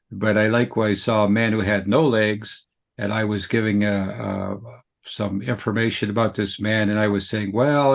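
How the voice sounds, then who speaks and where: A man hosting an interview, chatty and quick to jump in with his own stories. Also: fairly low pitch, creaky. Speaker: podcast host. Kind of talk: casual interview chat.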